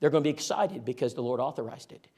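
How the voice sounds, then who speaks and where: Speaking quickly in a medium-pitched voice, a man trains a church group in outreach. He tells stories in a lively, joking way and speaks directly to his listeners.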